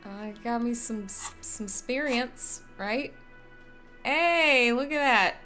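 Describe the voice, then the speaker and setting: A woman's voice: fairly high pitch, takes it slowly, music in the background. A woman streaming a game, chatting casually, laughing and swearing now and then. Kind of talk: casual gameplay commentary.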